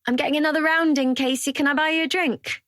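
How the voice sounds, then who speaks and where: A woman narrator voicing a loud, eager young man in a raised, pushy voice. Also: high-pitched, fairly even intonation, quick pace, no echo, clean studio sound, pitched above the performer's own voice. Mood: boisterous.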